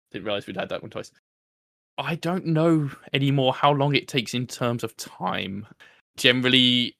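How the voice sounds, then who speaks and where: Self-deprecating male podcast host, chatty, lowish pitch, very dry close sound. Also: gravelly, bright, forceful tone, dry recording. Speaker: podcast host being interviewed. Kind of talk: casual chat.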